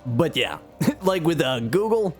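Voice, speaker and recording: A man's voice: fairly high pitch, big pitch swings, takes it slowly, soft background music. A man streaming live, telling a story in a casual, self-mocking way and chuckling as he talks.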